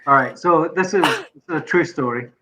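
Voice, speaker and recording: A man with an English accent, a podcast guest in casual chat, animated as he tells an anecdote with bursts of laughter. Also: on the high side, a little fast, noisy background. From England.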